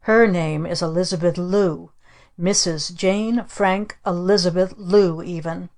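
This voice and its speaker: A woman's voice: on the low side, steady tone, measured pace, darkish tone. A woman voicing a fussy rich man who grumbles and protests indignantly.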